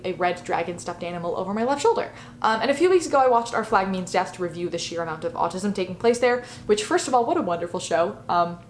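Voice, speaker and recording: An enthusiastic young woman in her early twenties hosts a casual video chat, her words tumbling out at a brisk clip. She sits indoors by a bookshelf, and the room's echo rings around her voice over a faint hiss. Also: mid-range voice. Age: early 20s. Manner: bubbly and enthusiastic. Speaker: vlogger and media analyst. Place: indoor room in front of a bookshelf.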